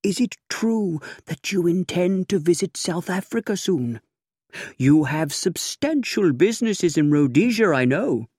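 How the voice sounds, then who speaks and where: Brief: man voicing a secretive, pompous official, pitched higher and hushed. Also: expressive, unhurried, husky, no room sound, clean studio sound, exaggerated voice. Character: self-important male government official, secretive and hushed.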